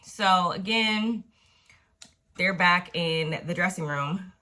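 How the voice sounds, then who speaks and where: A woman recapping a TV episode in a casual, slangy, profane way, with animated retellings. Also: on the low side, slow. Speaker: TV recap vlogger.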